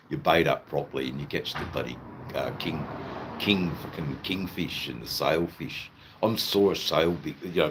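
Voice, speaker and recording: A man's voice: a bass voice, vocal fry, fairly bright tone, a little hiss or hum. An Australian man chatting casually and ramblingly to his live-stream viewers, swearing now and then.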